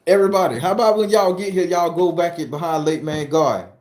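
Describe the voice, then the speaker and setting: A middle-aged man from southern Florida hosts a spooky-story channel, chatting casually with live viewers and joking in a loose, profane way. His voice is a little high and a little mellow, he talks quickly, and the room sounds echoey.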